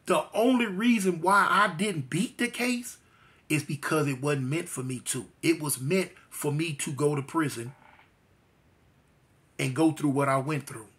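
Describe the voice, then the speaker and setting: A man's voice: fairly high pitch, fairly bright tone. A man telling his personal testimony, speaking emphatically and repeating phrases for weight. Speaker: guest telling his life story.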